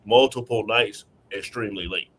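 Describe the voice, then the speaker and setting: A young man with a fairly low voice tells a personal story in relaxed, slangy talk, full of "like" and quoted lines. His delivery stays casual and conversational. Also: normal speed. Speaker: guest telling his story. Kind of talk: casual chat.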